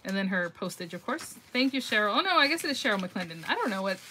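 A woman's voice: medium pitch, big pitch swings, quick pace, pushed and bright, husky. A middle-aged woman hosting a casual live craft-mail reveal on her phone, chatty and gushing, thinking aloud and laughing often as she answers viewer comments.

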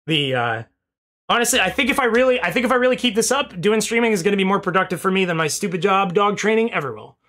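Young guy streamer reading out subs, high lively voice, kinda out of breath, swears a bit. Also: fast talker. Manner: rambling, reads out names, swears casually. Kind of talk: end-of-stream thank-yous to chat.

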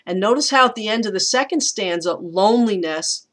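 A woman teacher giving a recorded lecture, talking in a thoughtful, unhurried way with frequent pauses and restarts. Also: fairly high pitch, fairly bright tone.

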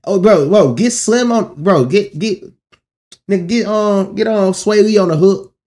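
A man hosting a casual album reaction, excitable, laughing and repeating himself. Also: high voice, measured pace. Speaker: music reaction host.

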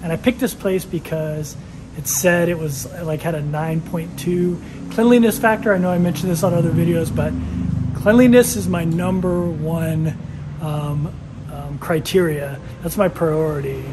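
Male travel vlogger, slightly high voice, rambling, easygoing, faint background noise. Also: moderate pace. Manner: chatty, rambling with fillers. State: out of breath. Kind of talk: casual travel vlog. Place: hotel and street in Thailand, walking around.

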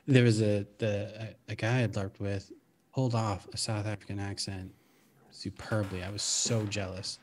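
A man's voice: on the low side, flat delivery, a little slow. A man who is a guest player, talking casually with frequent restarts and hesitation. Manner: hesitant, restarts often, laughs along. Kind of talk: casual chat.

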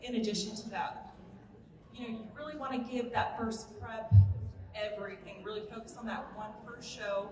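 A woman with a fairly high voice adds her advice on a panel. She is heard from a distance in an echoing hall over clear background noise. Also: moderate pace. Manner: agreeing, adding advice. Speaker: workshop panelist.

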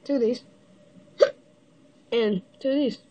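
A woman with the hiccups giving a casual step-by-step building tutorial, halting and pausing mid-step to show the pieces. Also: fairly high pitch, fairly even intonation, mellow, dull audio. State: has the hiccups. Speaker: toy builder giving instructions.

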